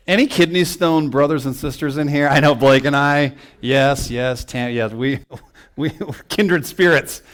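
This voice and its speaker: A young male pastor tells a long personal story from the pulpit. His voice sits somewhat high, and he pokes fun at himself as he acts out what people said. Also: measured pace. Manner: animated, self-mocking storytelling with acted-out quotes. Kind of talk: storytelling sermon. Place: church sanctuary.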